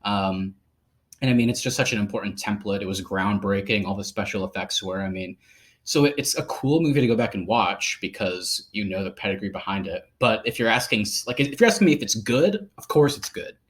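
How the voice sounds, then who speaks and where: A man's voice: lowish voice, lively intonation, fairly quick. A man co-hosting a movie podcast, rambling casually with lots of fillers and laughter. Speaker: podcast co-host. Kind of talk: casual film discussion.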